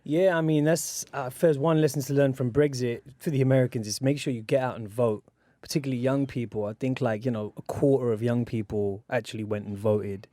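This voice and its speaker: A man speaks into a studio microphone in a dry, close sound. He is an articulate guest who lays out his ideas clearly and fills them with casual asides. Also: medium pitch, fairly even intonation, brisk, mellow, no room sound. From London. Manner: articulate, explains with loose asides. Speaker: actor and rapper guest. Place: radio studio.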